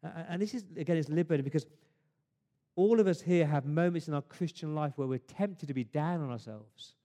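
A man's voice: fairly high pitch, brisk, mellow. A man preaching a sermon to his congregation, earnest, often restarting words and asking rhetorical questions. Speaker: pastor. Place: church service.

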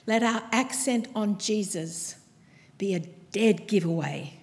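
A woman preaching a sermon to her church, with a measured, earnest delivery and pointed pauses. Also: medium pitch, expressive, gravelly, darkish tone. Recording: long hall reverb from a church.

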